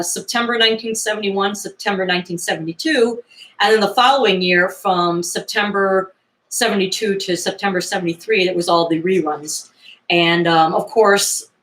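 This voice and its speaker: A woman's voice: mid-range voice, fairly bright tone. A woman in her fifties talking casually as a vlogger, chatty and rambling, with knowing asides and frequent laughs. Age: 50s. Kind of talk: casual nostalgic commentary. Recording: roomy echo.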